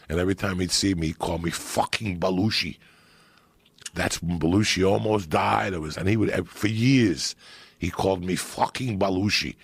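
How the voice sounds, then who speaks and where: A middle-aged man telling loud, profane, laughing stories as a podcast guest. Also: low-pitched, creaky, slightly rough, no room sound. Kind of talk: profane storytelling chat.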